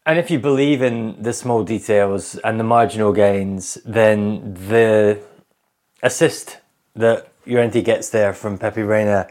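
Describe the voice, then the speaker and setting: A man's voice: lowish voice, fairly even intonation, slow pace, a little mellow. A man hosting an interview, building long, thoughtful questions for his guest. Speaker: podcast host.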